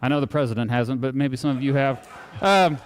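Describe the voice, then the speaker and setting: A man giving a live public lecture to an audience, casual and animated, joking and making asides as he talks. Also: mid-range voice, fast. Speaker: guest speaker. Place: hall, talking to a live audience. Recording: long hall reverb.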